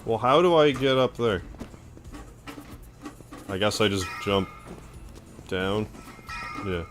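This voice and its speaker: A man with a Canadian accent streaming a game, chatting casually and thanking viewers with excitable outbursts. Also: on the low side, slow pace, soft background music. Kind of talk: casual gameplay commentary, thanking chat.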